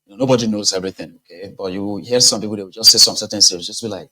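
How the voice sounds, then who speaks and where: A man's voice: fairly low pitch, fairly even intonation, very fast, hardly any pauses, sharp tone. A man with a Nigerian accent giving casual political commentary, conversational and sarcastic, mixing in pidgin.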